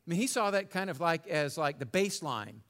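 A male pastor preaching a sermon in an animated, conversational way, joking and checking in with the congregation. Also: fairly high pitch, brisk.

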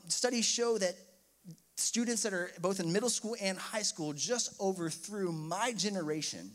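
A young man preaching to his congregation in a high, light voice. He tells a personal story in his sermon and climbs into impassioned, emotional outbursts before settling back down. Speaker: pastor.

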